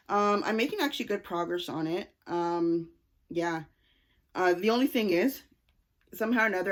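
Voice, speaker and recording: Woman host of a knitting vlog, casual and self-correcting, mid-pitched, talking to camera. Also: a bit bright. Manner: chatty, self-correcting, cheerful. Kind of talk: casual chat showing knitting projects.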